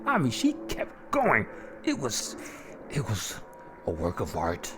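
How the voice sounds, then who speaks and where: A man narrating a first-person horror story in a gleeful, chuckling, drawn-out way. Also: fairly low pitch, huge pitch swings, music in the background.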